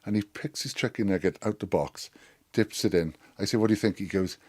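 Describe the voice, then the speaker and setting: A Welsh man spins a rambling story, swearing freely and slipping into the voices of the people in it. His voice sits very low. The sound is dry and close, with no room around it. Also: fairly quick, no echo. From Wales. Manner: rambling, profane, acts out others' lines. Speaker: former rugby player. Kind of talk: storytelling anecdote.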